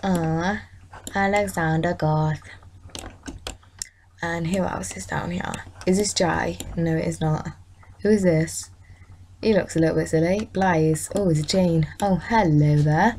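Chatty woman with a low voice. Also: fairly even intonation, slow pace, long pauses, darkish tone, a little hiss or hum. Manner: chatty, scolds and talks to her game characters. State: tired, yawning. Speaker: gaming channel host. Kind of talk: casual let's-play commentary.

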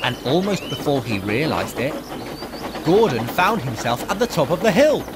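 A man narrating a children's storybook in an expressive, animated reading. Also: fairly high pitch, normal speed, very noisy.

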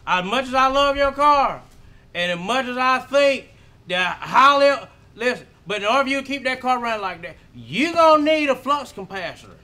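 An actor playing a boastful mechanic shop owner who knows nothing about cars, talking loud and fast in a comedy film scene. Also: male voice, very high-pitched, expressive, heavily acted. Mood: blustering. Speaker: comic actor.

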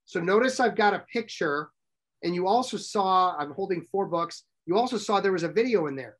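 Man, middle-aged, high voice, workshop presenter, brisk, quizzes the room. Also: animated, fairly bright tone. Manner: brisk, direct, asks the audience questions. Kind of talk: live workshop talk to an audience. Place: room with a live audience.

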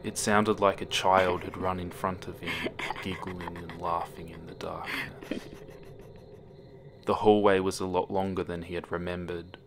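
Deep-voiced male horror story narrator. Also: unhurried, noisy background. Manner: steady, dramatic reading with hushed moments. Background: music.

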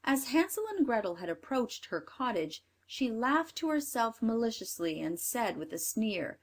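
A woman narrating a storybook in a clear, measured reading voice. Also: a little high, big pitch swings.

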